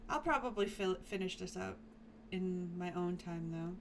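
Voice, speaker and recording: A woman's voice: lowish voice, moderate pace, creaky, background noise. A woman streamer reading a visual novel aloud while playing, playful and laughing often.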